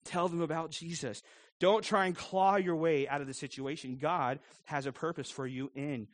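A man's voice: on the high side, steady tone, normal speed, no echo. A man preaching a sermon as pastor, earnest, posing many rhetorical questions and chuckling often.

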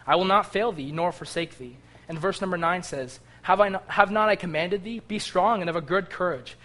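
A man's voice: high voice, brisk, a bit bright. A man preaching a sermon with fervor, reading scripture aloud and rising to impassioned cries.

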